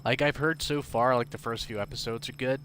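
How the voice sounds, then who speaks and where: A man's voice: medium pitch, steady tone, a little fast, fairly bright tone, a little hiss or hum. A man streaming a game live, chatting casually with his viewers in a rambling way, full of fillers and restarts. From half British.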